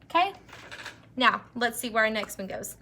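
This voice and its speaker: A young woman teaches early readers, drawing each word out slowly and cheering them on. Her voice is bright and a touch high, with a faint hiss underneath. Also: expressive. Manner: slow, drawn-out word modeling, encouraging. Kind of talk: early-grade phonics lesson to camera.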